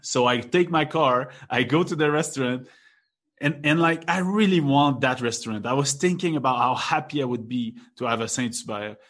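A man's voice: mid-range voice, normal speed, fairly bright tone. Chatty young man. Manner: rambling, laughs often, many restarts. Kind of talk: casual chat.

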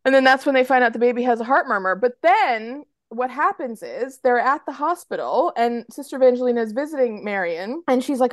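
Chatty woman, bright voice. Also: on the high side, lively intonation, fairly quick, few pauses, dry recording, studio quality. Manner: chatty, lots of fillers, acts out quotes. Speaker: podcast co-host. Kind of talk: casual chat recapping a TV episode.

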